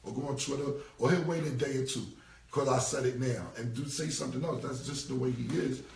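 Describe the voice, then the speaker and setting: Blunt gravelly 40-year-old New York man. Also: mid-range voice, a little fast, darkish tone, echoey room, recorded from a distance. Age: 40s. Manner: blunt, repetitive, streetwise slang with cursing. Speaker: rapper on a live stream. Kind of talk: casual live-stream rant. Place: indoor room, live stream. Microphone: phone mic.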